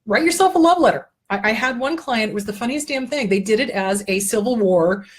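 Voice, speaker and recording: Blunt, husky-voiced woman coaching listeners. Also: a little high, fairly quick. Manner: blunt, earthy and profane, with lively asides; gently coaching, walking the listener through exercises. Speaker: therapist and show host. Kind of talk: casual self-help advice talk.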